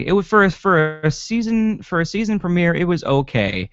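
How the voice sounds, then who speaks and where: A man's voice: a little high, very animated, measured pace, smooth, no echo. A man co-hosting a casual podcast chat about a TV episode, rambling with lots of ums and swearing. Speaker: podcast co-host. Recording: dry, dull lo-fi sound.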